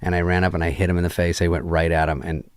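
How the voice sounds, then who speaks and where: Low-voiced man telling a profane anecdote. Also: racing, clean tone, no echo, studio quality. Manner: profane, deadpan anecdote acting out quoted dialogue. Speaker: guest. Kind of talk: casual storytelling in conversation. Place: podcast studio. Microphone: studio microphone.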